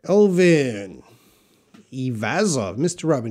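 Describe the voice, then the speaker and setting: Man, English teacher, live class, slow patient explanations, unhurried pace, mid-range voice. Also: medium pitch, a little mellow. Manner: reads viewer questions aloud. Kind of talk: live-stream English class answering chat.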